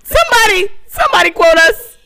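A woman co-hosting a podcast in casual chat, loud and laughing often as she acts out jokes. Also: very high-pitched, sing-song, a little fast, creaky. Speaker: podcast co-host.

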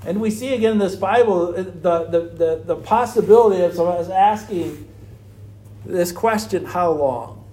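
A man's voice: high-pitched, normal speed, mellow. A man preaching an earnest sermon on struggling faith, full of rhetorical questions. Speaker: pastor.

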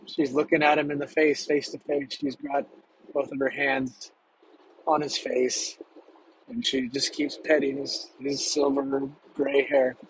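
A man telling a personal story from his past in a halting, measured way with long pauses. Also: fairly high pitch, sing-song, creaky, a little hiss or hum, poor audio.

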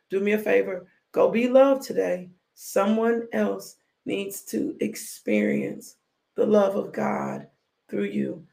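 A woman's voice: mid-range voice, fairly even intonation, slow, vocal fry, dark tone. A woman minister closing a devotional with a prayer and fervent, repetitive blessings, breaking into whoops.

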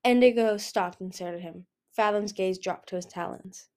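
Female amateur audiobook narrator, steady read-aloud, self-corrects often. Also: medium pitch, normal speed. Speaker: audiobook reader.

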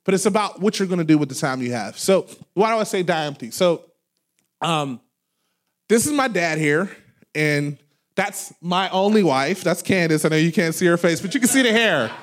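A man in his thirties, a pastor preaching a sermon, loud and animated as he tells stories with laughs. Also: a little high, moderate pace. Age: 30s. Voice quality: loud talker. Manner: animated storytelling with laughs and acted quotes. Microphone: handheld microphone held away from mouth.

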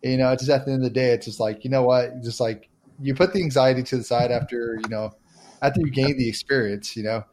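A man's voice: medium pitch, steady tone, fast talker, background noise. A man hosting a podcast interview, speaking conversationally with frequent "you know" fillers. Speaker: podcast host.

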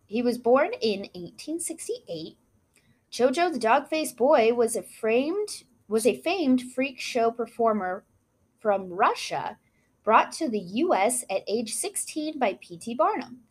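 A woman's voice: on the high side, very animated, slow. A woman co-hosting a casual chat, reading out history notes with frequent asides and apologies for mispronounced names. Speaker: podcast co-host.

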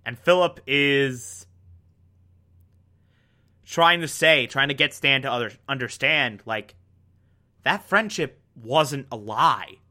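Bright-voiced man recapping a TV episode. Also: mid-range voice, expressive, slow, pauses often. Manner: passionate, lots of "like" fillers. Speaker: TV show reviewer.

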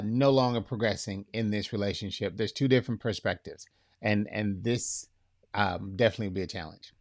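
A man's voice: mid-range voice, no echo, clean studio sound. A man preaching a conversational sermon on relationships, often checking in with his listeners by asking "right?". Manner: casual, checks in with "right?", acts out quotes.

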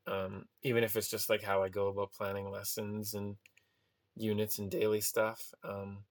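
A man in casual podcast chat, relaxed and wry, leaning on "um" and "like" as he talks. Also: lowish voice, moderate pace. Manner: relaxed, full of fillers like "um" and "like", wry. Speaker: podcast co-host, new teacher.

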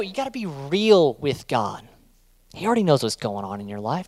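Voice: medium pitch, sing-song, fairly quick, no room sound. A youth pastor giving a casual sermon, urging listeners on in rhythmic, repeated phrases.

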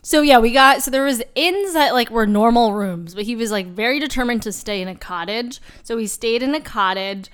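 Young woman co-host, emotional, filler-heavy casual chat; smooth, slightly high voice. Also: lively intonation, fairly quick, few pauses, a bit bright. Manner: chatty, emotional storytelling with many fillers. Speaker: podcast co-host.

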